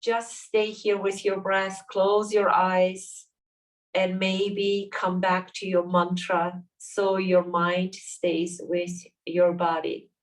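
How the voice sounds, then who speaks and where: A woman leading a yoga class, calmly cueing poses and breaths step by step. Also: on the low side, takes it slowly, distant mic, poor audio. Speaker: yoga teacher. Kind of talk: guided yoga class instruction.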